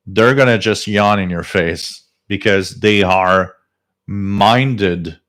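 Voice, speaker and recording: A man hosting a live radio-hobby stream, ranting emphatically and rising toward near shouting. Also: on the low side, takes it slowly. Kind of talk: live-stream talk and rant.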